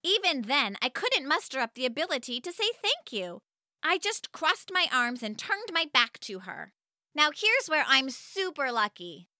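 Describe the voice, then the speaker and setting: A woman narrating a children's story in the first person, highly expressive and animated. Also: dry recording, studio quality.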